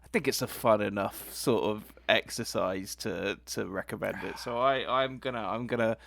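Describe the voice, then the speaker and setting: A man's voice: fairly low pitch, normal speed, vocal fry, fairly bright tone, dry recording. A man co-hosting a casual film review podcast, easygoing and hesitant, often restarting his sentences. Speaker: podcast co-host.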